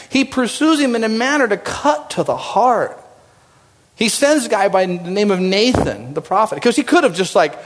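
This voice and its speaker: Man, pastor, conversational sermon, slightly high-pitched, big swings in loudness, long hall reverb. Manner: animated and conversational, with sudden swings from loud and high to low and quiet.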